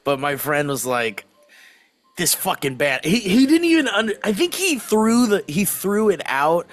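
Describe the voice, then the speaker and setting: A man co-hosting a comedy podcast, chatting casually with quick bursts and frequent laughter. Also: high voice, wildly swooping pitch. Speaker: podcast co-host.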